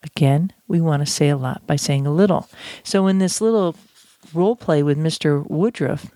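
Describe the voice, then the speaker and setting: Chatty animated trainer with a mellow voice. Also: mid-range voice, normal speed, no room sound, studio quality. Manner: animated, chatty, self-deprecating. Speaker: communication trainer. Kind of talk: podcast-style teaching talk.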